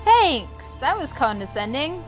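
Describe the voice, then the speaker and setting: A woman chatting casually as a player in a tabletop game, with quick asides. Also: sits high, very animated, over music, poor audio.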